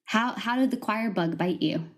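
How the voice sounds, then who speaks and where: A woman's voice: mid-range voice, normal speed. A woman hosting a podcast who asks questions in a curious, informal way. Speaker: podcast host. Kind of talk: interview questions.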